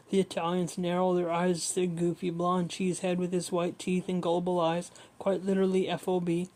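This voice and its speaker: A woman reading a memoir aloud in a steady manner, often stumbling and correcting herself. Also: lowish voice, normal speed, hardly any pauses, rough recording. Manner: steady reading with frequent slips and self-corrections. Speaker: audiobook reader.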